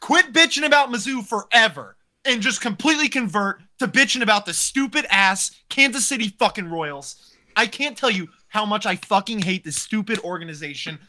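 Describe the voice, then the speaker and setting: A man's voice: high voice, expressive, moderate pace, sharp tone. A man co-hosting a casual sports podcast, ranting heatedly and swearing a lot. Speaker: podcast co-host.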